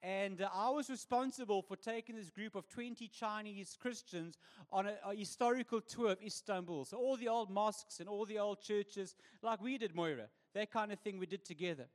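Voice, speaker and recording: High-voiced South African preacher. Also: male voice, normal speed. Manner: conversational, humorous preaching. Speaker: pastor. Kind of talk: sermon.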